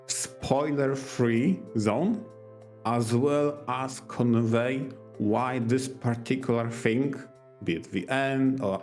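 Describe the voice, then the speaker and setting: A man co-hosting a podcast, earnest and halting, who often stops and restarts his sentences. His voice sits at an ordinary pitch, and a faint music bed plays quietly under his talk. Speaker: podcast co-host. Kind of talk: casual podcast chat.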